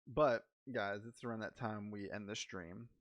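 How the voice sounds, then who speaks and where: A man's voice: on the low side, steady tone, normal speed, no echo. Joking male podcast host, dry sound. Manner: joking, teasing. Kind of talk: casual chat.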